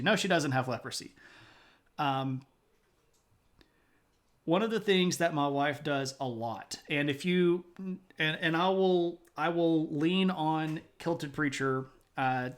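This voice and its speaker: A man hosting a history live stream, chatting casually with many fillers and laughs. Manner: high sing-song voice talking to his puppy. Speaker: livestream history show host. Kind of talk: casual livestream chat.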